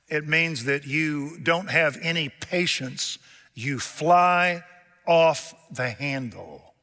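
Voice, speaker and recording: A man's voice: mid-range voice, sharp tone. A man preaching a sermon, telling homespun stories with jokes in a folksy way. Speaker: pastor. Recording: long hall reverb.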